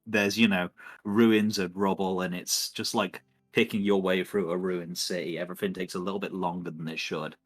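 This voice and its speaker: A low-pitched man narrating a tabletop game as dungeon master. He talks loosely with many fillers and little chuckles. Soft music plays faintly underneath. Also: level tone, normal speed, no echo, studio quality.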